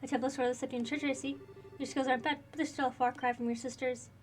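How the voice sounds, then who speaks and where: A woman voicing a taunting villainous dark knight. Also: high-pitched, steady tone, quick pace, a little hiss or hum, lightly acted. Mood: mocking. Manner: taunting, theatrical. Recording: faint game music behind.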